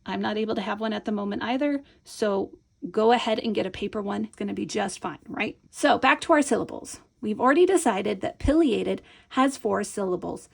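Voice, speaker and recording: Speaking a little fast, this Montessori teacher has a medium-pitched voice with lively intonation and vocal fry. She demonstrates a hands-on reading lesson, encouraging the viewer patiently and checking in often.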